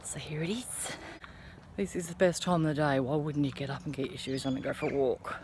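Speaking quickly in a very deep, slightly mellow voice over faint background noise, a woman in her thirties vlogs outside during her early morning walk. She chats casually and encouragingly, addressing the camera.

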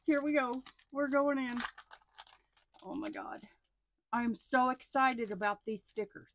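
Gushing slow-talking woman. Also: high voice, a little hiss or hum. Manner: gushing, excitable, often hushed and breathy asides. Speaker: stationery haul vlogger. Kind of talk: casual unboxing chat.

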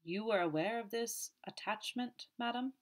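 A man's voice: sits high, normal speed, pitched above the performer's own voice, close to an everyday voice. Brief: stiff formal magistrate, cold and stern, voiced by a woman reader. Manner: formal, stern, thundering when crossed.

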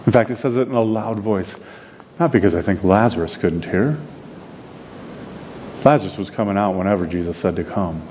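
A man's voice: normal speed, long pauses, darkish tone. Man preaching in a reverberant church. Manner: conversational storytelling with acted-out dialogue. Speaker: pastor. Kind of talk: sermon. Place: church sanctuary. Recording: long reverb with faint rumble noise.

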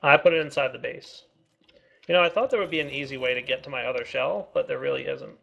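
A man's voice: mid-range voice, fast, creaky, fairly bright tone, dull audio. A man co-hosting a casual game video, upbeat and teasing. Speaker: co-host of a game video series. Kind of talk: casual gameplay chat.

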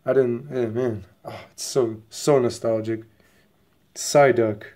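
A man hosting his own casual unboxing vlog, talking excitably and rambling straight to his viewers while sniffly from a coming cold. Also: medium pitch, takes it slowly. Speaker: channel host opening trading cards.

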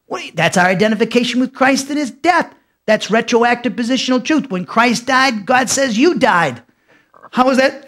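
Emphatic high-voiced male Bible teacher. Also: a bit bright. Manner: emphatic, repeats himself, restarts phrases. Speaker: pastor.

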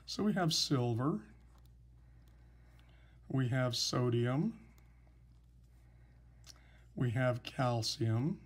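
A man teaching a recorded chemistry lesson, explaining patiently and slowly with some fillers. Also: mid-range voice, animated, husky. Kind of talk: recorded lecture, writing examples.

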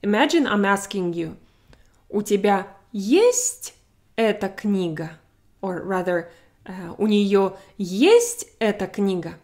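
Female language tutor, unhurried, mid pitch, careful drill-style delivery. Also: animated, a little mellow. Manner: slow, careful modeling of Russian example sentences. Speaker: Russian language teacher. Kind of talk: explaining grammar to learners.

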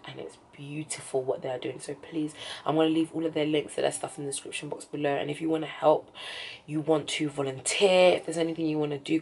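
A woman with a London accent talks straight to camera from her home, chatty and heartfelt. Her voice sits low and dark, and her speech sometimes sinks almost to a whisper. A faint room hum sits under it. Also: vocal fry, poor audio. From England. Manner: chatty and heartfelt, drops to a soft near-whisper at times. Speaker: vlogger. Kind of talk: casual vlog chat. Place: indoors at home.

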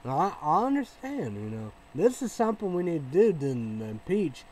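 A man in a casual vlog monologue, rambling and repeating himself, with many fillers and restarts, swinging between low mumbling and loud outbursts. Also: sing-song, moderate pace, a little hiss or hum, rough recording. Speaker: vlogger.

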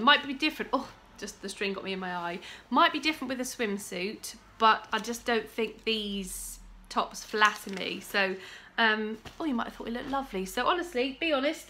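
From upstairs in her home, a young woman vlogs in an enthusiastic, casual chat, rambling a little while showing off her finds. Her voice is mid-range, bright, and forceful.

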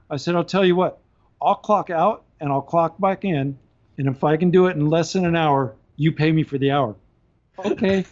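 A man telling long stories on a podcast in a casual, animated way, often laughing as he talks. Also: fairly high pitch, normal speed. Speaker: podcast guest. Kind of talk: casual storytelling. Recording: dull lo-fi podcast audio.

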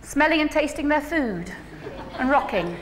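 A woman giving a conference keynote, animated and humorous, coaxing the audience to join in. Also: high-pitched, moderate pace, over a noisy crowd, heavy background noise. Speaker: keynote speaker. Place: large conference hall. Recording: echoey hall, faint ambience.

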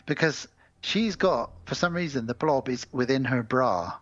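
A man's voice: mid-range voice, fairly bright tone, dry recording, muffled recording. A man co-hosting a podcast, chatting casually about films with jokes and swearing. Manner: jokey, swears, acts out film scenes in quick voices. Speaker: podcast co-host.

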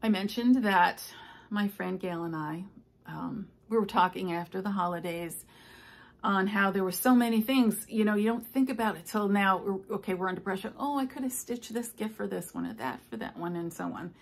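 An older woman, a stitching vlogger, talks through her stitching plans in a loose, rambling home chat, filling pauses with ums and asides. Her animated, mid-range voice carries a gravelly fry, while household noises like a clock and an ice maker sound in the background.

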